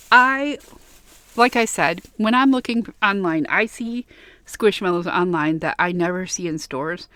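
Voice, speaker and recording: A woman vlogger chatting excitedly about her plush toys, gushing and giggling, with a slightly worn voice. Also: mid-range voice, a little slow. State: voice getting worn. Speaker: vlogger showing a plush haul. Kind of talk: casual chat to camera.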